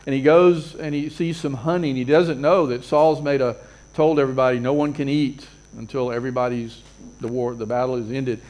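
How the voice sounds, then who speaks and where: A man's voice: medium pitch, fairly even intonation, fairly quick, darkish tone. Earnest male pastor preaching. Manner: earnest preaching with repeated phrases and rising emphasis. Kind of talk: sermon.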